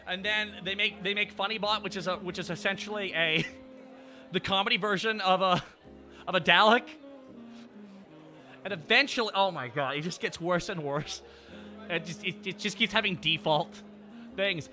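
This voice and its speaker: A male streamer chatting casually and excitably, laughing often and swearing freely. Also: high-pitched, moderate pace, soft background music. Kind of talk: casual chat.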